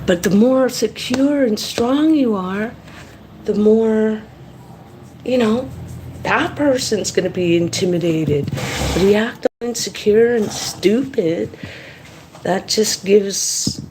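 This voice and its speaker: Slow-talking woman in a whispery mukbang chat. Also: mid-range voice, darkish tone, a little hiss or hum. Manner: slow, chatty, drifting between whisper and voice. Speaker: mukbang vlogger. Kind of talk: whispered casual chat while eating.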